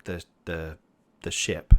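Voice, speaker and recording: Low-voiced rambling game master man. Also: flat delivery, slow, pushed and bright. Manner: rambling, many fillers. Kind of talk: narrating a tabletop game.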